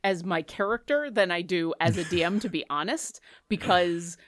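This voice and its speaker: A woman talking casually as a podcast co-host and game master, chatty and animated with quick asides. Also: lowish voice, no room sound, studio quality. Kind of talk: casual chat.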